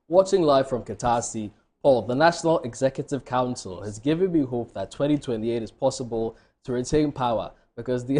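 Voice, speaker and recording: A Ghanaian male co-host reading viewer messages on air, steady, with dry asides. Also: mid-range voice.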